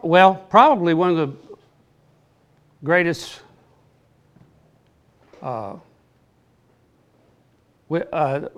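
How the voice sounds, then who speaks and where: An older man teaching an informal Bible class in an earnest, plainspoken, halting way. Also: a little high.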